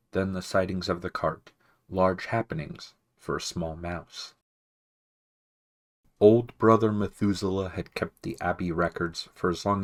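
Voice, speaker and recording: A man narrating a children's novel aloud in a calm, measured reading. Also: sits low. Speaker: audiobook reader. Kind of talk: storybook narration.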